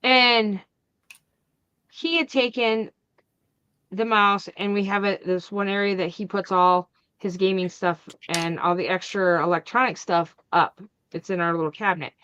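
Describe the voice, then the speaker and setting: A woman hosting a crafting channel, chatting casually and acting out the family arguments in her story with lively energy. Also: a little high, no room sound, dull audio. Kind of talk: casual chat.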